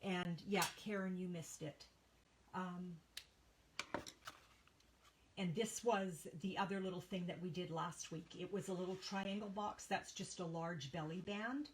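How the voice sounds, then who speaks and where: Slow-talking chatty craft host. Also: female voice, lowish voice, fairly even intonation, a little hiss or hum, rough recording. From Canada. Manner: chatty, reads out viewer names, coughs and apologizes. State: coughing, tickle in throat. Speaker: papercraft livestream host. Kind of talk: casual live-stream chat with viewers. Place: home craft studio.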